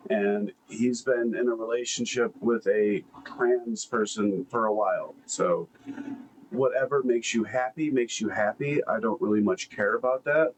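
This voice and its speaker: A man's voice: on the low side, unhurried, slight background noise, low-quality recording. Blunt, profane man reacting. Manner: blunt, profane, laid-back. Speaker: reaction commentator host. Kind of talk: casual reaction commentary.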